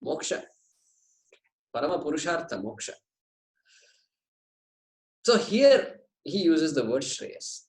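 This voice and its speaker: A man giving a scripture class, explaining Sanskrit terms slowly and with light jokes. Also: fairly high pitch, big pitch swings, echoey room, rough recording. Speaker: Vedanta teacher.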